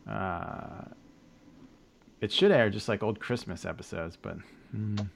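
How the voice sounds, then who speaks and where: A man's voice: on the low side, takes it slowly, vocal fry, a little hiss or hum. A man hosting a podcast, casually recapping with lots of fillers, restarts and joking asides. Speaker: podcast host. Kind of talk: casual chat.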